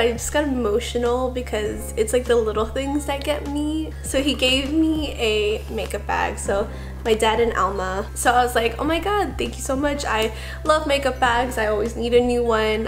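A young woman vlogger chatting casually about her Christmas gifts, gushing and full of fillers. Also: on the high side. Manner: gushing, chatty, repeats fillers like "like" and "I don't know". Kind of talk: casual vlog chat.

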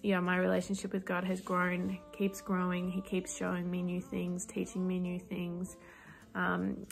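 A woman giving a quiet, sincere personal testimony, halting with many fillers. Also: fairly low pitch, monotone, gravelly.

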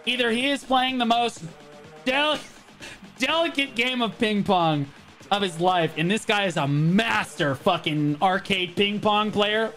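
Excitable man, high bright voice, slow drawn-out talk, faint music behind. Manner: excitable, laughing, swearing, loud outbursts. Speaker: game streamer. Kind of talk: live stream commentary.

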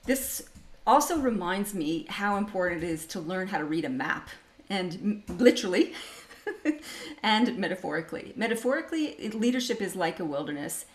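A woman's voice: on the low side, lively intonation, brisk. A middle-aged Canadian woman presenting a leadership webinar over a video call, chatty and upbeat, laughing often. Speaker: leadership speaker hosting a webinar.

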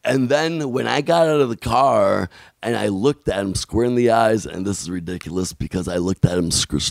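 A man telling a long story as a podcast guest, animated and blunt, acting out what other people said and swearing casually. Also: fairly low pitch, vocal fry, no echo.

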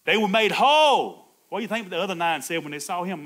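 A male pastor preaching a sermon, swinging from loud, high exclamations to soft, low asides and chuckling between points. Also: animated, fairly quick. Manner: call-and-response preaching, laughs between points.

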